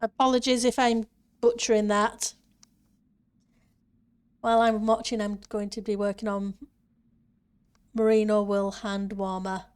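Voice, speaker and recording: A woman's voice: medium pitch, level tone, measured pace, long pauses, a little mellow, smooth. A woman streamer chatting casually with her viewers and answering chat while she plays a building game. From northern part of her country.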